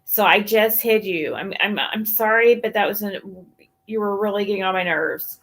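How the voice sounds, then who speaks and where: A woman's voice: mid-range voice, normal speed, fairly bright tone. A woman livestreaming a casual rant to her chat, blunt and profane, sounding exasperated as she talks things through.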